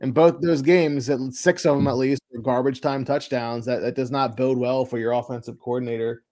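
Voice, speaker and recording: A man's voice: medium pitch, fairly even intonation, fairly quick, dark tone, no room sound. Guy cohosting a sports podcast, opinionated, keeps restarting words, dead dry close mic sound. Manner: opinionated, repeats words while thinking. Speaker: podcast co-host. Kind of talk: casual sports talk.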